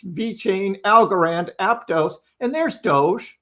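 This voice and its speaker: A man with a high-sitting voice hosts a casual crypto livestream, talking a little slowly with hardly any pauses. Chatty and repetitive, he keeps tagging his lines with "right?" and responds to commenters in his chat.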